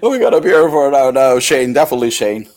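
A man joins a casual podcast chat with blunt remarks and free swearing. His voice sits at a typical male pitch. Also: lively intonation, quick pace, a little mellow.

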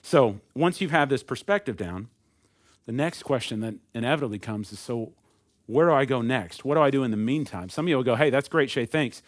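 A man's voice: medium pitch, animated, fairly quick, no room sound, studio quality. A man preaching a sermon in a conversational way, asking the congregation questions and acting out the voices of people. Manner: conversational preaching with rhetorical questions and acted asides. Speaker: pastor.

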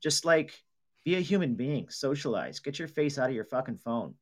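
A man co-hosting a casual talk show, agreeable and chiming in with quick reactions. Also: mid-range voice, lively intonation. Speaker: co-host. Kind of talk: casual chat.

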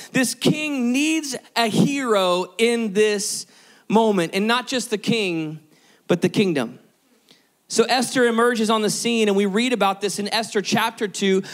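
A male pastor preaching a lively sermon and calling on the congregation to respond. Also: high voice.

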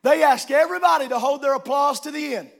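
Brief: male pastor, very high pitch, gravelly edge, shouted sing-song sermon delivery. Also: fast. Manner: shouted, sing-song preaching that swings loud and soft. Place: church.

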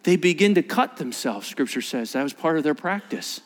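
A male pastor with a high-pitched voice, preaching to a large congregation. He tells the story with animated, physical energy and acts out the scenes as he goes. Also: moderate pace, long reverb tail. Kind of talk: sermon. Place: large church auditorium with live congregation.

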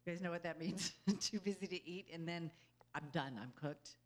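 A woman's voice: on the low side, normal speed, a little mellow. A woman giving an inspirational talk to a group, earnest and conversational, often checking in with her listeners and laughing easily. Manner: earnest and conversational, often asking "you know?"; laughs easily between thoughts. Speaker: spiritual speaker.

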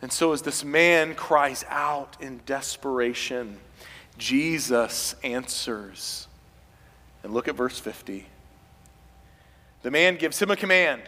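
A man preaching a sermon as pastor, building to loud, impassioned passages as he voices pleading figures. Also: medium pitch, takes it slowly, big-room sound. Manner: preaching with rising intensity, voicing quoted pleas loudly.

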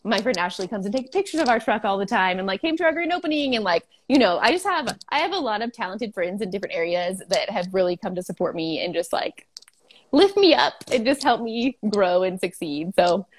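A woman's voice: mid-range voice, expressive, fairly quick. Young woman business owner, casual and giggly, interview guest. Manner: chatty, laughing, many "like" fillers. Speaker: food truck owner.

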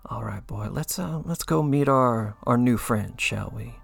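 A man's voice: mid-range voice, unhurried, creaky, breathy edge, no room sound. A man playing a tabletop role-playing game, reading spell rules and chatting easily in character. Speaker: player.

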